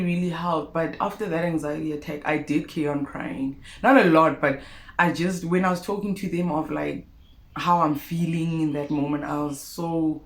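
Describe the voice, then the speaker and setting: Young south african woman vlogging, expressive, keeps saying guys, roomy echo. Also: low voice. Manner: animated, expressive, addresses viewers as guys. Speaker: YouTuber. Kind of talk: personal storytelling vlog.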